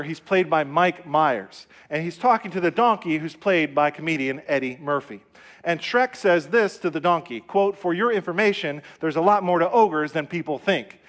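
Emphatic middle-aged pastor preaching. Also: male voice, on the high side. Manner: emphatic, repetitive, call-and-response. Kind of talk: sermon. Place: church sanctuary.

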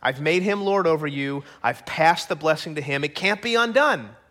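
A man's voice: fairly high pitch, expressive, moderate pace, fairly bright tone. A man voicing an old father who is shaken, speaking in a heavy, subdued way. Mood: grave.

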